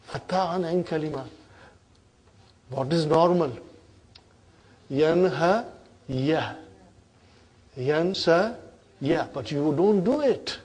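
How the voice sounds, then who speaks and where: A man's voice: fairly high pitch, animated, takes it slowly, long pauses, a little mellow, slightly rough. A middle-aged man teaching an Arabic grammar class, drilling forms and often checking whether the students follow. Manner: prompting students with "huh?".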